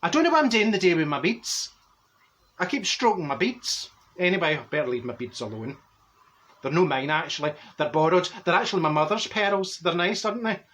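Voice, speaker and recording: A man's voice: on the high side, lively intonation, fairly quick, fairly bright tone. A man voicing a chatty, straight-talking older woman from Glasgow in a Glaswegian accent, rambling and laughing through her comic stories. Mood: cheeky. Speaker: comedy character. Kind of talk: comic monologue to camera.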